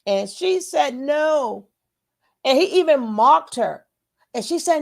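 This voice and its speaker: A woman's voice: sits high, lively intonation, slow pace, vocal fry. A woman giving reaction commentary on a video clip, replaying it and repeating key quotes back with emphasis.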